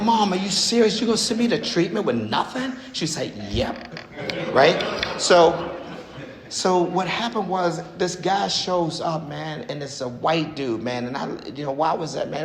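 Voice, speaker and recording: Male speaker sharing his recovery story, acting out quoted voices, gravelly, recorded in an echoey meeting room. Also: mid-range voice. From United States. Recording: echoey room, faint noise.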